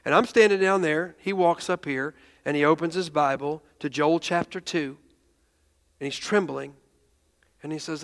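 A high-pitched man preaches, earnestly retelling events and slipping into the voices of people in his story. He stammers and restarts as he goes. A long reverb trails his words through the sanctuary. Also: moderate pace, a bit bright. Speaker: pastor. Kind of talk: sermon storytelling.

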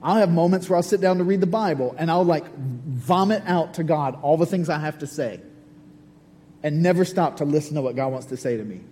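Man, pastor, earnest conversational sermon, mellow tone, long church reverb. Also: on the high side, brisk. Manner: earnest, conversational preaching with repeated phrases. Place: church sanctuary. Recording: long hall reverb, faint hum.

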